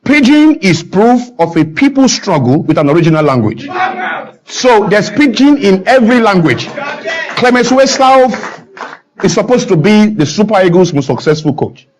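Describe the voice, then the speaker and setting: A man from Nigeria, a talk show guest in front of a studio audience, arguing with rising passion and sometimes nearly shouting. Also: high voice, big pitch swings, moderate pace, low-quality recording. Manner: builds to emphatic near-shouting, acts out broken English. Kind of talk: impassioned talk show argument.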